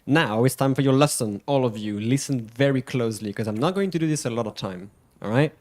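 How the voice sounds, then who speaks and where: A French man with a French accent, co-hosting a casual stream and playfully teaching pronunciation with drawn-out, emphatic words. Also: mid-range voice. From France. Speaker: co-host.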